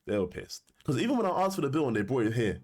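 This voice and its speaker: Animated man telling a story. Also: mid-range voice, rapid-fire, breathy edge. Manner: animated, slangy, laughs often. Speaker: commentator. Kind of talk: casual storytelling to camera.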